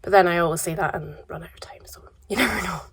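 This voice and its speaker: A Scottish woman vlogging casually about yarn and advent calendars, her voice croaky from a cold, relaxed and chatty with soft trailing asides. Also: lowish voice, fast. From Scotland. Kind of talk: casual chat to camera.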